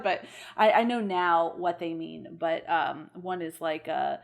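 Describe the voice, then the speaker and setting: A woman's voice: lowish voice, normal speed, vocal fry. A woman co-hosting a podcast, talking casually as a mother, laughing often and swearing for emphasis. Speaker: podcast co-host. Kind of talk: casual chat.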